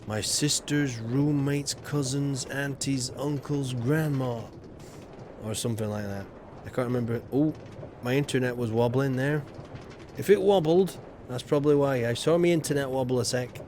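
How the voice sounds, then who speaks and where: A man's voice: medium pitch, fairly quick, noisy background. A man with a Yorkshire accent streaming a building game, chatting casually with viewers in a rambling way, full of little asides. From Yorkshire, England. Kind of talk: casual gaming chat.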